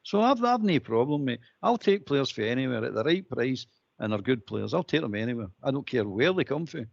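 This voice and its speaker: A Scottish man with a gravelly, fry-edged voice holds forth on a fan phone-in show. He is blunt and emphatic, hammering his points home by repeating them and calling everyone mate. The sound is dry and dull, like a lo-fi recording. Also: mid-range voice, big pitch swings, a little fast, no room sound. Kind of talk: casual opinionated chat.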